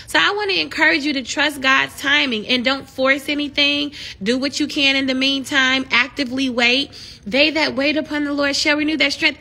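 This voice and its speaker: A young woman hosting a casual live stream, talking with fans and turning to animated, preachy encouragement. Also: high-pitched. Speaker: livestream host.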